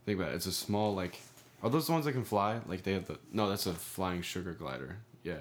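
A man's voice: low voice, animated, brisk, a little hiss or hum. A young man co-hosting a casual podcast, talking in a laid-back, slangy way with lots of fillers. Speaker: podcast co-host.

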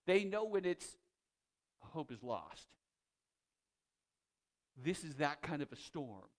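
A man preaching a sermon, retelling a story with lively, animated delivery that swings between loud and hushed, with frequent restarts. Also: fairly high pitch, slow. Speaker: pastor.

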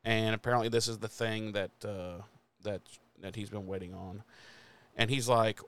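A man's voice: lowish voice, steady tone, normal speed, fairly bright tone, clean tone, no echo. A man casually recapping a TV episode, rambling, swearing freely and laughing often. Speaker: podcast host recapping episodes. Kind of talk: casual profane recap chat.

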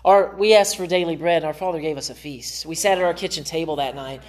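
A man's voice: on the high side, quick pace, darkish tone. A man pastor preaching a sermon in a church, earnest and conversational. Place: church sanctuary.

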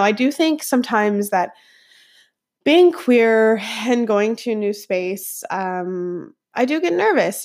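A woman in her thirties, a podcast host telling a personal story in an earnest, rambling way, full of fillers. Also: mid-range voice. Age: 30s.

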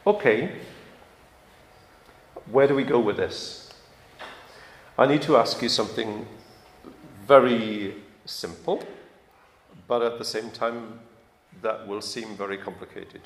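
A man's voice: mid-range voice, steady tone, takes it slowly, pauses often. A man preaching a sermon, talking in a conversational way and putting questions to the congregation with emphasis. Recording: echoey hall, faint ambience.

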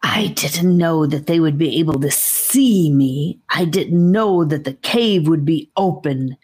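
A woman's voice: low-pitched, unhurried, darkish tone, slightly rough. A woman reading an audiobook, voicing a sly, frightened female snake servant with a hissing, venomous manner. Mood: whining.

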